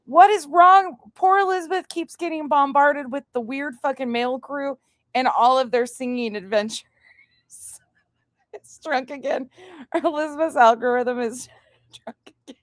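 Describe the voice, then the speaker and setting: A woman's voice: high-pitched, measured pace, no echo. A woman hosting a casual livestream, chatting loosely, swearing freely and laughing often. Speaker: livestream host. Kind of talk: casual commentary.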